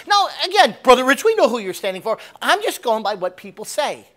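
A man preaching a sermon, animated, swinging between loud emphatic bursts and low asides. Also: fairly quick, few pauses. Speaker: pastor.

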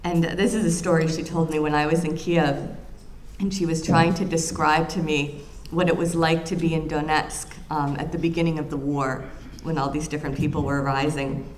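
A woman historian giving a public lecture, telling anecdotes in an animated way with frequent ums and restarts. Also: low-pitched, moderate pace, slight background noise.

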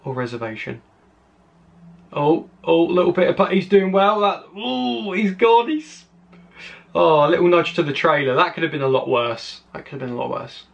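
British male host, excitable crash-video reactor, high and animated voice. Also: moderate pace, vocal fry, dull audio. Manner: excitable, exclaiming, gasping at each clip. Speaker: channel host.

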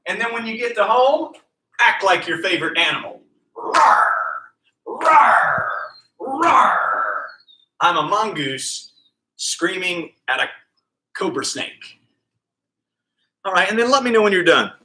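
A man's voice: high-pitched, animated, normal speed, pauses often, sharp tone, a little hiss or hum. A man leading a live online exercise class for kids as their PE coach, counting out reps and cheering the children on by name. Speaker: PE coach hosting a kids' class.

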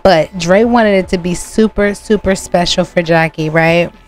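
Woman host, slow casual gameplay narration, faint music behind. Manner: chatty, addresses viewers, sudden high exclamations. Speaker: gaming channel host.

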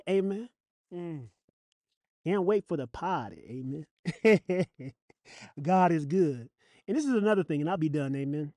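Dramatic preacher, sing-song, chuckling, slow delivery, dry close recording. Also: medium pitch, expressive, darkish tone, no room sound. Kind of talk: sermon.

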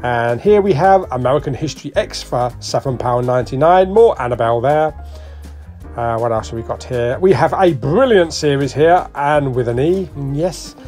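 A man's voice: medium pitch, normal speed, faint music behind. A British man giving a casual, jokey walk-through of a shop's discs and their prices while filming as he goes. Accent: British English. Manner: chatty, jokey, lively, ticks off titles and prices. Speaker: vlogger.

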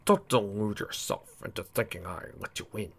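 A man voicing a calm, polished male stallion pony who speaks quietly and graciously. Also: lowish voice, moderate pace. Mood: gentle.

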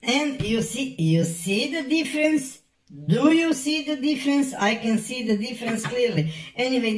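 Halting man in a roomy echo. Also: high voice. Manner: halting, repeats words, deadpan asides. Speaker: comedy product reviewer. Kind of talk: rambling comic review to camera.

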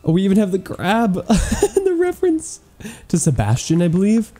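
A man giving excitable, gushing gameplay commentary as he tours a game island, cracking playful puns. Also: high-pitched, moderate pace. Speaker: gaming YouTuber touring an island.

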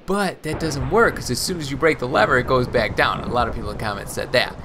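A man's voice: medium pitch, quick pace, background noise. A man hosting a casual gameplay video, rambling and thinking aloud with self-deprecating asides about his building troubles. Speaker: Minecraft let's play host.

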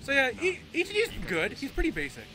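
A young man casually commentating a video game with a friend, animated, laughing and swearing, now and then mimicking silly voices. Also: very high voice, fairly quick. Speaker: gameplay commentator. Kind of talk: casual chat over gameplay. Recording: game music behind. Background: game music.

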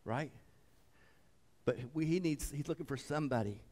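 A pastor delivers a sermon in a fairly high voice at normal speed. He swings between loud, fervent stretches and hushed, reverent ones, repeating phrases and calling out "come on."

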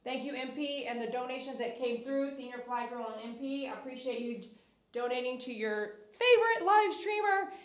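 A woman dog groomer on a live stream, softly coaxing a dog as she trims it, then cheerfully greeting and thanking her viewers. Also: high voice, lively intonation, normal speed, reverberant. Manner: coaxing, sing-song baby talk to the dog; cheery, loud sign-off reading viewer comments. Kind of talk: soft talk to a dog while grooming, then upbeat chat with live viewers.

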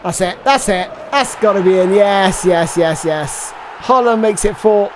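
A man commentating on his own football video game match, switching between hushed despair and shouted celebration. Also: high voice, unhurried, a crowd in the background, noisy background. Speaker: gaming commentator. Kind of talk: excited gameplay commentary.

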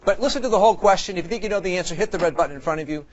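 A man, a priest, hosting a children's quiz show in a TV studio, jokey and animated, sometimes shouting with excitement. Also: sits high, rapid-fire. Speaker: priest and game show host. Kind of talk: lively game show hosting. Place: TV studio with audience. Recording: dull lo-fi studio sound.

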